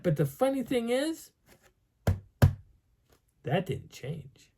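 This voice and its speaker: A man telling a personal outdoor story in an animated way, acting out sounds and voices. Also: very high-pitched, takes it slowly, very noisy. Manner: lively, acts out sounds and dialogue. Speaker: vlogger telling a field story.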